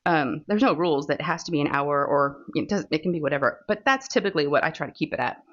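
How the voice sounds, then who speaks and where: With a deep, expressive voice and a quick pace, a Texan-accented woman chats casually over her diamond painting on her crafting channel, rambling and using fillers. It's a dull, lo-fi phone recording.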